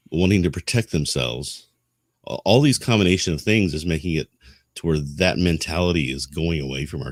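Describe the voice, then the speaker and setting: Middle-aged male podcast co-host, very low voice, rambling and self-deprecating, dry close sound. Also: no echo. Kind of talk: casual podcast discussion.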